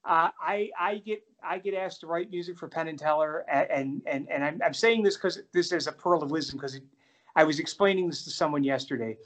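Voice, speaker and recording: Man, middle-aged, jazz pianist guest, animated storyteller, self-deprecating, higher-pitched. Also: brisk. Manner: animated, self-deprecating anecdotes with many restarts. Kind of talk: casual storytelling interview.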